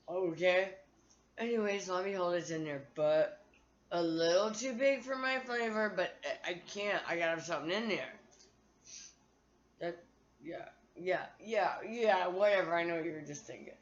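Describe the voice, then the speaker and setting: A woman's voice: mid-range voice, highs cut off. A woman vlogger talking to her phone in a candid, profane, rambling monologue.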